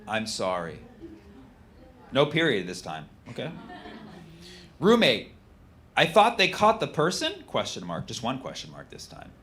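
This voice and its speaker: A man doing a stand-up comedy routine, mocking text messages, switching between a flat deadpan read and loud, excited punchlines. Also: on the low side. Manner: animated, mocking, reads texts aloud in flat deadpan, shouts punchlines.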